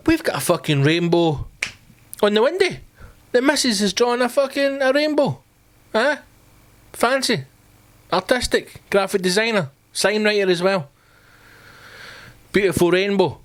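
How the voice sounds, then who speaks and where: A man's voice: high voice, sing-song, normal speed, pauses often. A Scottish man hosting a podcast, ranting in a sweary, rambling comic way. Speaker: podcast host. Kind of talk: comedic podcast rant.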